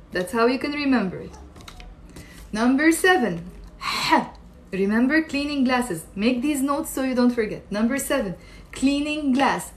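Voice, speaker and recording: A woman with a Lebanese accent, her voice pitched a little high, gives an Arabic pronunciation lesson. She is patient, demonstrates guttural sounds slowly and checks in with "okay?" as she goes. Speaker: Arabic teacher. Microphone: video call.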